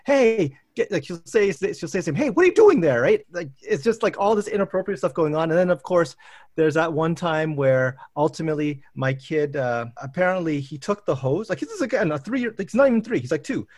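A professor in his thirties hosts a casual chat, his voice sitting a little high for a man and moving a bit fast. He tells lively, wandering, animated stories about work and family, often stopping and restarting mid-sentence. The sound is very dry and close, with no room echo.

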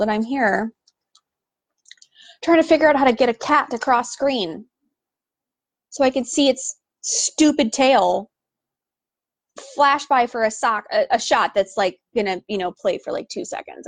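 Exasperated woman host with a gravelly voice. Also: on the high side, expressive, moderate pace, no room sound. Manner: exasperated, sarcastic, lots of "like". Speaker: podcast host. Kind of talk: casual ranting monologue.

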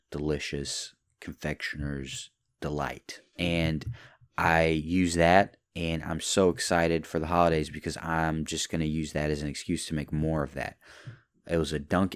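A young man from Kentucky with a very low, smooth voice, talking on his own podcast. He rambles from one thought to the next, casual and unscripted, into a close, dry-sounding mic. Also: dry recording. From Kentucky, USA. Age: young adult. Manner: rambling, tangent-hopping, lots of "like". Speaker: podcast host. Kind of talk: casual solo podcast chat.

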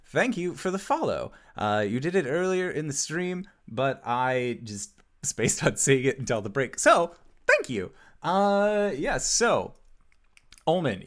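A man's voice: medium pitch, a bit bright. A man acting as game master on a stream, talking in an upbeat, loose way with plenty of filler. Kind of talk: running a streamed tabletop game.

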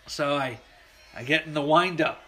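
Animated middle-aged man telling a story. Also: a little high, moderate pace, soft background music. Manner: animated, acts out voices with shouts, swears a lot. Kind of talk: casual storytelling chat.

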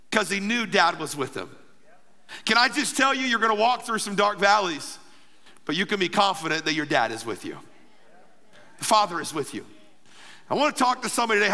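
A man preaching a sermon in a very high, sharp, ringing voice. He is emphatic and keeps calling on the congregation to answer back. His words trail off in the long reverb of a big hall. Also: lively intonation, moderate pace. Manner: emphatic preaching with call-and-response. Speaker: pastor.

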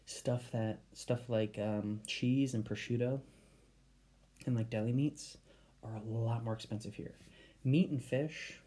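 A man's voice: mid-range voice, steady tone, a little slow, mellow. A man hosting his own podcast, rambling casually and laughing at himself as he drifts off topic. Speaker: podcast host. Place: home in Japan.

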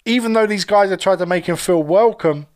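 Guy co-hosting a casual podcast recap, a touch high-voiced, sweary and lively. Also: a little fast. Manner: animated storytelling, acts out quoted voices, sweary. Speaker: podcast co-host. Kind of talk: casual chat recapping a TV episode.

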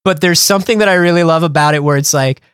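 A man's voice: on the high side, fast, fairly bright tone, clear, resonant tone, no room sound, studio quality. A man co-hosting a comedy podcast in casual chat, talking in loose, rambling sentences full of fillers. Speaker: podcast co-host.

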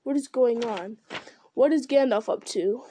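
A woman reading aloud and voicing an ancient, slow-spoken male tree giant who muses with hums and never hurries. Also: a little high, warm tone, a little hiss or hum, close to an everyday voice. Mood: musing. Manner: slow, deliberate, musing with hums. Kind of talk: reading a fantasy novel aloud.

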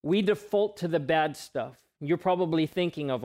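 A man delivers a sermon to his church in a voice pitched a little above the usual for men. He asks question after question and lets his voice fall soft and low on the words he wants to land. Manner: earnest preaching with rhetorical questions and pauses, voice dropping soft on key words. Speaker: pastor.

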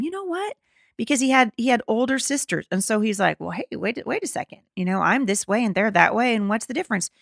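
A woman's voice: mid-range voice, gravelly, dry recording, clean studio sound. A middle-aged woman hosting a podcast, reading an article aloud and commenting on it in an indignant, emphatic way, often restarting her sentences. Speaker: podcast host.

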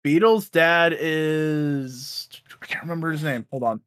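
A man casually recapping comic storylines, acting out characters in quick bits and swearing freely. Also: fairly high pitch, fairly even intonation, fairly bright tone, smooth. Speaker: podcast co-host recapping comics. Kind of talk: casual chat.

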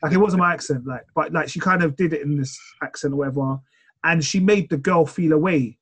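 A man chatting casually on a podcast, retelling a show in a rambling, animated way. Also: a little high, a little fast, slightly rough.

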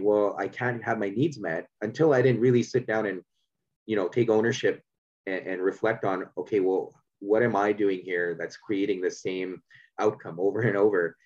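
A man from Canada hosting a podcast, speaking in a thoughtful, halting way with many restarts. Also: low-pitched, darkish tone, lo-fi sound. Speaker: podcast host. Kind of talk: reflective conversational interview.

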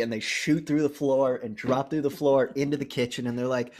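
Young male podcast co-host, middle pitch, casual and profane, lively scene-by-scene movie recaps. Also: fast talker, hardly any pauses. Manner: profane, animated retelling with acted-out lines.

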